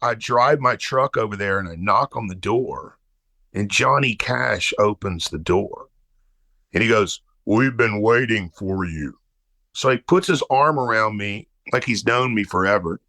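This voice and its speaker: A middle-aged man from Texas, telling a story as a guest and quoting people with quick shifts of voice. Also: on the low side, sharp tone, no echo. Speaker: guest musician. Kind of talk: storytelling anecdote.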